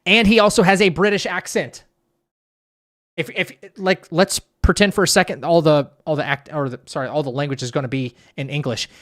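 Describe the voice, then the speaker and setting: A man's voice: a little high, fairly even intonation, a little fast, fairly bright tone. A man streaming and chatting casually, reacting to viewer comments and restarting his sentences often. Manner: rambling, with frequent restarts and stammers. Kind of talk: casual chat reading live chat.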